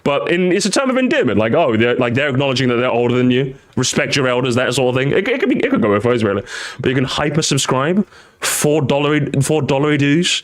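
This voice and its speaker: A young man chatting casually on a live stream. He is jokey and animated, and now and then jumps into high, squeaky exclamations. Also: fast.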